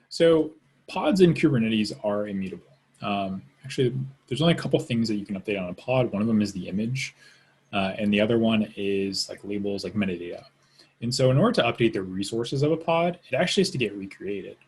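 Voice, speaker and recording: A man moderating a webinar Q&A, reading out questions and giving measured technical explanations. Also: fairly low pitch, darkish tone, breathy edge.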